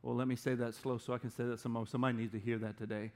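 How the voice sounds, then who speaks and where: A middle-aged man preaching a sermon as pastor, animated and playful, slipping into quick put-on voices. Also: medium pitch.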